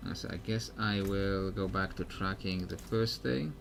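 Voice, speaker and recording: A man's voice: low voice, normal speed, creaky, noisy background. A man streaming a video game, rambling in casual commentary with many fillers and restarts.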